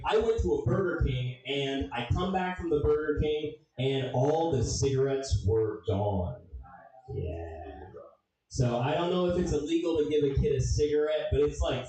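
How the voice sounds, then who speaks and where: A young man doing a stand-up comedy set, telling a story with swearing and loud funny voices. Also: mid-range voice. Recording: echoey room, distant mic.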